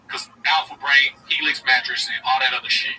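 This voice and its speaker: A man's voice: mid-range voice, flat delivery, fairly quick, sharp tone, far from the mic, a little hiss or hum, poor audio. A man parodying a swaggering young male podcaster who brags in slangy bro talk. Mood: bragging. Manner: brash slangy bragging, calls listener bro.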